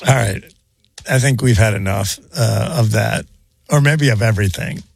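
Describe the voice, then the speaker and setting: A man's voice: on the low side, normal speed, gravelly, slightly rough, no echo. A male radio co-host in casual banter, wry and bemused as he keeps the segment moving. His voice is close and dry on a studio mic. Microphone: studio microphone.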